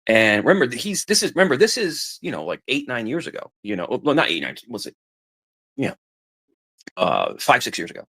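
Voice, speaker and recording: A man's voice: medium pitch, wildly swooping pitch, brisk, gravelly, bright, forceful tone, husky. Rambling middle-aged man telling stories. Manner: rambling, repeats himself, acts out quoted voices. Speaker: podcast guest telling family stories. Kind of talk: casual chat.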